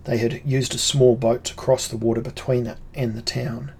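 A man reads a fantasy audiobook, measured and unhurried. His voice sits at a plain middle pitch, and the storytelling is steady and deliberate. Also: vocal fry, breathy edge. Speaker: audiobook narrator. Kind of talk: scripted fantasy narration.

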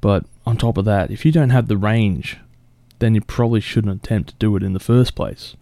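A man's voice: lowish voice, fairly even intonation, fairly quick, gravelly, mellow, dry recording. A man casually reacting to a song cover, blunt and swearing often, with short laughs. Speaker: music reaction host.

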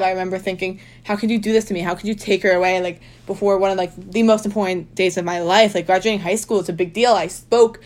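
Young woman talking casually, lots of "like", mid-pitched, emphatic. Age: young adult. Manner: chatty, heavy use of "like", emphatic. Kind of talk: casual personal storytelling.

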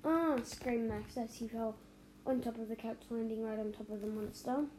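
Woman storyteller, fairly high and mellow, expressive children's read-aloud with dramatic pauses, faint background hiss. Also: rough recording.

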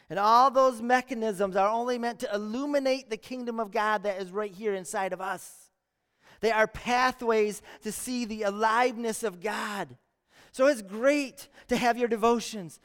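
Very high-voiced male pastor preaching. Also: fairly bright tone. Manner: earnest preaching with rhetorical questions and repeated phrases. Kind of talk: sermon. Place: church sanctuary. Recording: long church hall reverb.

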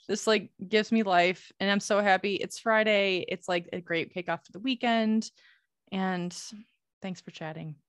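A woman co-hosts a casual podcast, rambling with many "like" fillers and quick bursts of laughter. Her voice sits mid-range for a woman. The recording is dry, with no room sound. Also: medium pitch, steady tone, clean tone, no echo. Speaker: podcast co-host.

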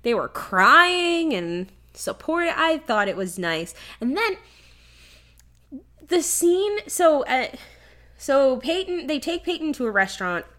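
A woman's voice: sits high, sing-song, slow, pushed and bright. A woman co-hosting a casual chat, animatedly recapping a movie with lots of swearing and "like" fillers.

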